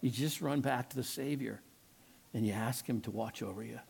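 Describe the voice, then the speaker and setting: An older man preaching a sermon, telling a personal story and acting out the quotes with animated emphasis. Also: mid-range voice, normal speed, vocal fry, slight background noise. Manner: storytelling, animated, acts out his own quotes. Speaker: pastor.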